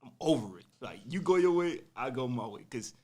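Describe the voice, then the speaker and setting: A young man casually telling a personal story on a podcast, animated and full of slang, acting out what people said. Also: medium pitch, fairly quick. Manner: animated, slangy, acts out quotes.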